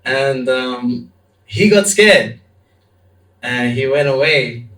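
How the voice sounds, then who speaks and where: A young adult man, a monk, telling a story in a lively, laughing way with lots of fillers. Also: mid-range voice, takes it slowly, far from the mic. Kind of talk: storytelling talk. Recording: echoey room, voice from off-mic.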